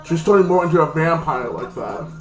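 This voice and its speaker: A TV episode reviewer, a man with a fairly high, expressive voice, talks a little fast through a casual, rambling recap, saying "like" constantly. He's in an echoey room with faint music.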